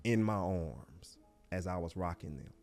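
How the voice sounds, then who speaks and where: Low-voiced man telling a heartfelt story. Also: lively intonation, soft background music. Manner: heartfelt, reflective, often hushed and halting. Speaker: guest. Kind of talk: personal storytelling interview.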